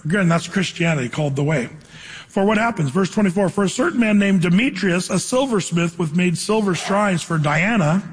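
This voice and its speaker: A male pastor delivers a sermon, reading passages deliberately and then unpacking them in relaxed, slangy speech. His voice sits high and carries a husky edge. The sound rings with long reverb, as in a big hall. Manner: reads scripture slowly, then explains in casual slang.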